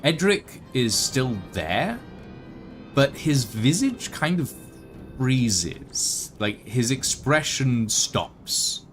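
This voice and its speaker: A man narrating as game master in a tabletop game, with halting, filler-heavy delivery. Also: medium pitch, sing-song, a bit bright, faint music behind.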